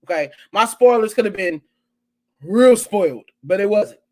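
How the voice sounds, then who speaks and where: A woman's voice: mid-range voice, expressive, normal speed, warm tone. A woman hosting her own live online show, chatting casually and animatedly with viewers, full of exclamations and asides. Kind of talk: casual live-stream chat.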